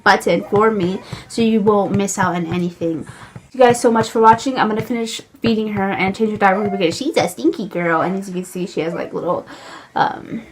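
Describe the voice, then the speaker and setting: Young woman, new mother, chatty home vlog, middle pitch, light background hiss. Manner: chatty, many "like" fillers, coos in a high voice to her baby. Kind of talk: casual chat to camera. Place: at home, feeding her baby.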